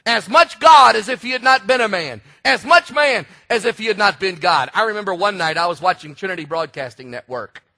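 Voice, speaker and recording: A male preacher delivers a sermon in a high, bright and forceful voice. He tells stories with lively energy and now and then bursts into shouts to drive a point home. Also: brisk, vocal fry, hardly any pauses. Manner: animated storytelling preacher, shouts for emphasis. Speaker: pastor.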